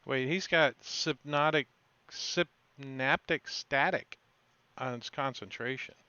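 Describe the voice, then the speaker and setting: Bright clear-voiced man running a game. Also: medium pitch, no room sound, muffled recording. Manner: halting, thinks aloud with restarts. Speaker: game master. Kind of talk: casual tabletop game talk.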